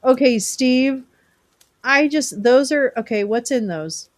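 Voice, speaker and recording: A woman's voice: high-pitched, lively intonation, slow, no room sound. Chatty teasing woman streamer. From California. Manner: rambling, teasing, answering chat by name. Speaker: live stream host. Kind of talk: casual chat with viewers.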